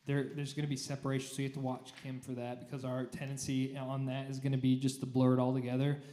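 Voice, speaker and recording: A man's voice: mid-range voice, completely flat delivery, quick pace, warm tone. A man leading choir rehearsal, talking through notes and singing short phrases to demonstrate. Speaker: choir director. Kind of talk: rehearsal instruction. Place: church room. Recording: echoey room.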